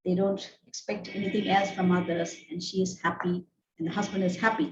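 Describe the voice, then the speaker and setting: A woman's voice: lowish voice, little pitch movement, fairly quick. Woman host in an echoey room. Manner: earnest, repeats words with many fillers. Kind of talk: hosting an interview. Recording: roomy echo, dull lo-fi sound with faint noise.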